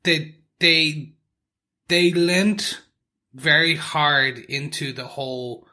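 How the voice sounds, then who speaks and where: A man's voice: a little high, fairly even intonation, drawn-out words, bright, forceful tone. A man co-hosting a podcast in casual chat, rambling and correcting himself as he goes. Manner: rambling, self-correcting with many restarts. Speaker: podcast co-host.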